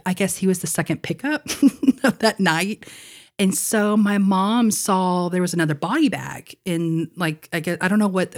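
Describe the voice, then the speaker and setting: Young woman, low-pitched, podcast co-host, casual storytelling, chatty, laughs often, lots of fillers.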